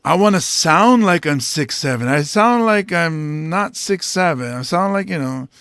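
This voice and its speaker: Joking guy hosting a comedy podcast, kinda high voice with gravelly fry, dry close sound. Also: animated, a little slow, fairly bright tone, no room sound. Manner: playful, joking, slips into bits. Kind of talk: casual podcast chat.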